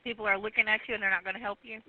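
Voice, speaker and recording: A woman's voice: mid-range voice, fairly even intonation, rapid-fire, no room sound. A woman working as an emergency dispatcher, firm and repetitive, telling the caller to hold on. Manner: firm, repeats instructions to hold on. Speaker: 911 dispatcher. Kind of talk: emergency phone call. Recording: dull lo-fi call recording with faint noise.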